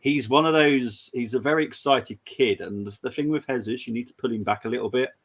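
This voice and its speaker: A man's voice: mid-range voice, brisk. A man hosting a casual football preview show, chatty and giggly, reading out viewer comments. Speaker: host.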